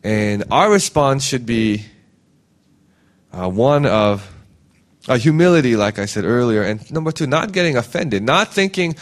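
A man's voice: expressive, measured pace. A man preaching a casual sermon in a conversational way, often ending points with "right?" and acting out quoted voices. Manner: conversational, frequent "right?" tag questions; acts out quoted voices with big pitch jumps.

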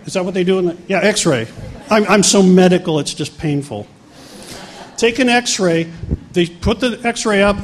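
A man's voice: sits high, slight background noise. A middle-aged male pastor telling a healing story in a sermon, acting out the people he quotes. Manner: animated, acts out quoted voices.

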